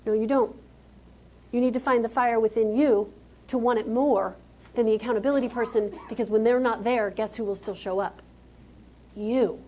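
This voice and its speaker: A woman's voice: a little high, steady tone, normal speed, darkish tone. A woman giving a motivational keynote speech on stage, talking emphatically and directly to a live audience. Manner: emphatic, direct, calls out to the crowd.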